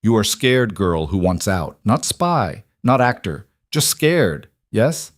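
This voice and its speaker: A man's voice: on the low side, big pitch swings, slow pace. A man voicing a blunt male henchman with a heavy foreign accent and broken grammar.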